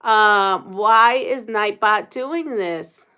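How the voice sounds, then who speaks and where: A woman's voice: mid-range voice, very slow, sharp tone, smooth. A woman hosting a casual livestream, chatting and laughing with viewers. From United States. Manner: chatty, laughs often, reads viewer comments aloud. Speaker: livestream host.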